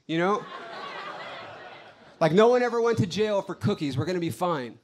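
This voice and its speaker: A male stand-up comedian telling a story on stage, animated and exasperated, bursting into shouts. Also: fairly high pitch, fairly quick, long pauses. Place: stage before a live audience.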